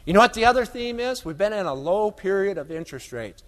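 A man's voice: high-pitched, lively intonation, fast. A man giving a humorous, folksy keynote talk on agricultural economics to a live audience, full of stories and asides. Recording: long hall reverb.

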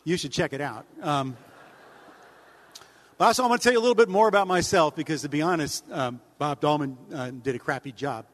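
Male humorist, high voice, deadpan and wry, speaking in a long-reverb hall. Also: brisk. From United States. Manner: deadpan, wry, rambling asides with mock-outraged jumps in pitch. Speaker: humorist giving a speech. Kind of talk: stand-up style speech to an audience.

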